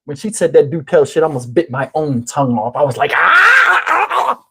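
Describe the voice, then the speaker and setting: A man telling a story in a casual, animated way, swearing freely and acting out what people said. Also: medium pitch, fast talker, slight background noise. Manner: animated, profane, acts out quotes. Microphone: wireless lapel mic.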